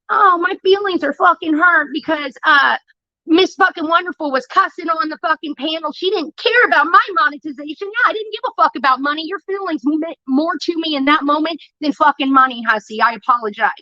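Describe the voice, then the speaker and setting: A woman's voice: sits high, sharp tone, dry recording, dull audio. A woman streamer delivering a heated, profane rant about a falling-out with a friend, talking straight into a close mic. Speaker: livestreamer. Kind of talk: ranting livestream monologue.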